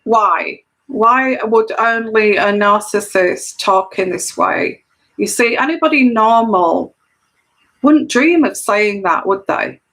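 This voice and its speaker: A woman's voice: on the high side, animated, slow, a bit bright, rough recording. A woman who reads tarot, talking earnestly to camera and explaining her point, often repeating phrases for emphasis. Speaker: intuitive tarot reader. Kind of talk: solo camera monologue of personal commentary.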